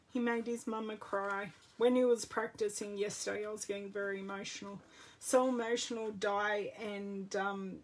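A woman's voice: medium pitch, fairly bright tone, a little hiss or hum. An Australian woman giving a casual live card-making demo, chatting with viewers as she works. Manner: chatty, greets live viewers while working. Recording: distant, off-mic sound.

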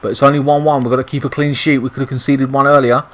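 A man's voice: mid-range voice, flat delivery, very fast, a bit bright, a little hiss or hum, poor audio. A young British man giving frustrated, swear-heavy commentary over a football video game. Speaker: gaming YouTuber. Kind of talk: gameplay commentary.

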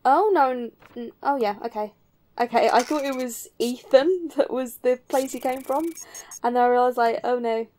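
Young woman, early twenties, casual let's-play chatter, slightly high voice. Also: steady tone, moderate pace, dark tone. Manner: chatty, muttering to herself with lots of ums. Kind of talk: casual gameplay commentary.

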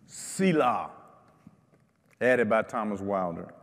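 Slow, fervent preaching man in an echoey church. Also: fairly low pitch, expressive. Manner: fervent preaching with repeated phrases. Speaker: pastor. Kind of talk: sermon. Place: church sanctuary.

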